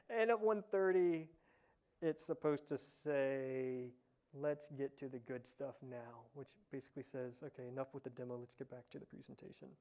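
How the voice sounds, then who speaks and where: A man from Ohio, giving a casual conference tech talk, relaxed and chatty with lots of "uh" fillers. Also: medium pitch, normal speed. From Ohio, USA. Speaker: conference presenter. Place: conference session room.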